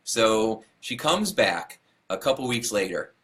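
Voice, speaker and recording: A man's voice: on the low side, big pitch swings, unhurried, a bit bright. A man giving a motivational talk, telling a story and acting out what people said, laughing at himself along the way. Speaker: motivational speaker.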